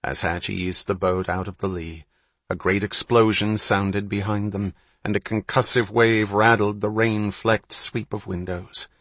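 Slow, husky male audiobook narrator. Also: on the low side, fairly even intonation, fairly bright tone, dry recording. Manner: measured, unhurried storytelling. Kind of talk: scripted narration.

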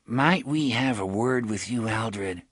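A man's voice: medium pitch, slow, husky, dry recording, clean studio sound. A man voicing a nervous, cautious hired gun with a hesitant manner in an audiobook. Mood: uneasy. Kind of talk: audiobook character voice.

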